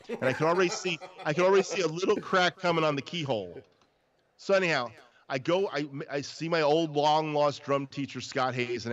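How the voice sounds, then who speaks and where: A man's voice: mid-range voice, a bit bright. A man hosting a casual live chat about drums, telling long rambling stories with lots of restarts. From New Jersey. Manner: rambling storyteller with many restarts. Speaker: drummer and podcast host. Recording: dull lo-fi livestream audio.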